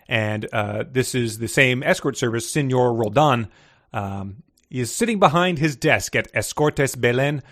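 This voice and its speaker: A man's voice: mid-range voice, fairly bright tone. Chatty man recapping a book. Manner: chatty, recaps a book with asides and playful voices. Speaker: podcast co-host. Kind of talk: casual chat.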